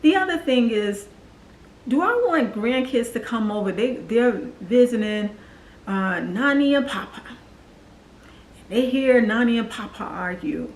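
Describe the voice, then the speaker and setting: A woman's voice: a little high, expressive, unhurried, roomy sound, poor audio. A woman in her forties telling her personal story to the camera in an earnest, confiding way. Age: 40s. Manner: earnest, confiding, acts out quoted voices. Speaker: vlogger.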